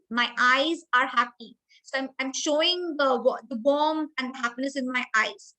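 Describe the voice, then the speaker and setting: A woman from India with an Indian English accent, running an online communication training session with clear, instructive delivery and deliberate emphasis. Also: high voice, bright, forceful tone, poor audio.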